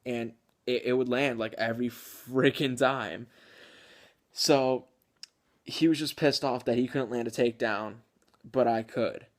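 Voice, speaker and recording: A man's voice: mid-range voice, steady tone, a little slow. A man hosting a gaming channel, chatting casually with lots of filler words and the odd chuckle. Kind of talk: casual video game commentary.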